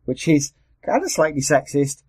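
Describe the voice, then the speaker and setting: A man hosting a podcast, chatting casually about old adverts, sardonic and prone to swearing, with quiet mumbled asides. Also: a little high, big pitch swings, moderate pace, husky, no room sound. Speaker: podcast host. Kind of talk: casual chat.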